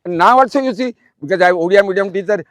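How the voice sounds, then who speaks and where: A man in his eighties with an Odia accent, a retired principal giving a fatherly, repetitive motivational speech to students, pausing often with um. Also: high-pitched, a bit bright, dry recording. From Odisha, India. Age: 80s.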